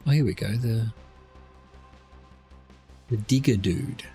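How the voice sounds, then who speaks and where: A man's voice: on the low side, slow pace, warm tone, soft background music. A man giving casual, rambling commentary while streaming a driving game. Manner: rambling, chatty asides.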